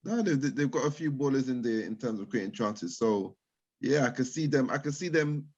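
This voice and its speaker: A man's voice: medium pitch, expressive, normal speed, darkish tone, breathy edge. Hesitant man on a dull call line. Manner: hesitant, repeats words as he thinks. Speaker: co-host of a football chat show. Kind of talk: casual football chat.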